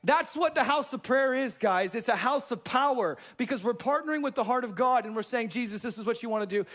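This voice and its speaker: A man preaching a sermon as pastor, talking casually with slang and swinging between hushed, intimate moments and fired-up emphasis. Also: very high voice, animated, a little fast.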